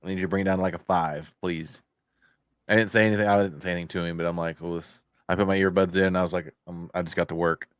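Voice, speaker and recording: A man's voice: low-pitched, fairly even intonation, quick pace, no echo, clean studio sound. A man co-hosting a podcast, telling a rambling factory story in casual chat and swearing freely. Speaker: podcast co-host; factory worker.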